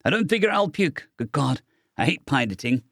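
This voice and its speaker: A man's voice: on the high side, very animated, normal speed, vocal fry, fairly bright tone, no echo, clean studio sound, voice pushed up, exaggerated voice. A man voicing a frightened young boy pilot who talks in a shaky, folksy way. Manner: shaky, folksy, saying aye. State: shaky breathing. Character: frightened young human boy pilot, trembling but brave.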